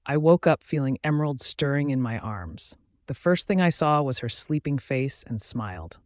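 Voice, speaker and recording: A man narrating a first-person audiobook in a steady, even reading voice. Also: mid-range voice, moderate pace, dry recording, clean studio sound.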